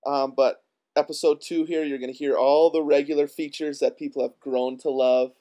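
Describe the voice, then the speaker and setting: A man with an Upper Midwest accent co-hosting a casual podcast, relaxed and quick to chuckle. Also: a little high. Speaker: podcast co-host.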